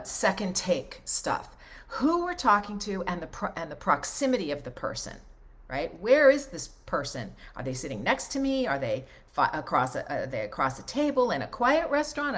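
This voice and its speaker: A woman's voice: medium pitch, fairly bright tone. A woman in her fifties, a voiceover coach, giving casual advice, often checking in with "right?" and repeating key points for emphasis.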